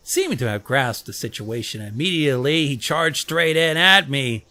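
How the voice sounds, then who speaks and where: A man's voice: medium pitch, expressive, normal speed, few pauses, bright, forceful tone, no room sound, soft background music. A man reading a visual novel aloud as a let's play host, swearing and reacting as he goes. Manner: casual, profane, reacts mid-read. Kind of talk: reading a game aloud with commentary.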